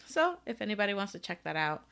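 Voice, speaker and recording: A woman's voice: mid-range voice, very animated, fast, vocal fry, a bit bright, clear, resonant tone. A woman co-hosting a casual pop music podcast, gushing about songs with lots of filler words. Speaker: podcast co-host. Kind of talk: casual chat.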